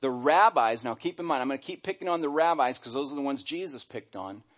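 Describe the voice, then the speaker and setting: A middle-aged man preaching a sermon as pastor, animated and acting out quoted voices. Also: medium pitch, fast talker.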